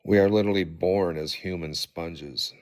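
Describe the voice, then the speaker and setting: A man in a group discussion who defends his view calmly, giving ground and searching for words. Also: low-pitched, moderate pace. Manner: calm, conciliatory, hesitant. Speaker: discussion participant.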